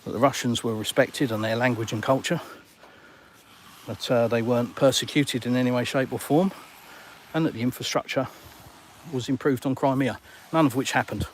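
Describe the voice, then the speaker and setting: A middle-aged man with an English accent, hosting a casual live Q&A outdoors. He talks bluntly and teases viewers with jokey banter in a middle-pitched voice. Faint ambient noise sits behind him. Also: steady tone, normal speed, long pauses. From England. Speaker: livestream host. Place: outdoors on a sunny balcony.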